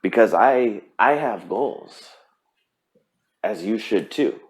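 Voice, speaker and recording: A man's voice: fairly low pitch, animated, slow pace. A man hosting his own podcast, talking earnestly and emphatically about his goals, with frequent fillers and restarts. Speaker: podcast host. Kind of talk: solo motivational podcast talk.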